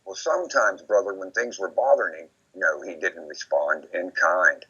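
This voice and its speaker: A man being interviewed, rambling and repeating himself as he recounts memories, often quoting others in lively put-on voices. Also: sits low, moderate pace, slightly rough. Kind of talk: casual recorded conversation. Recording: dull lo-fi recording.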